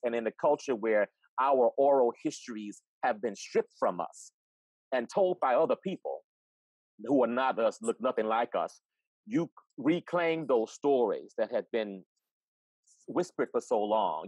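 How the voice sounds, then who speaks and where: A man's voice: medium pitch, no echo, low-quality recording. A man hosting a live virtual interview, speaking with enthusiasm and affirming his guest, often repeating words. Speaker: host. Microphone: video call.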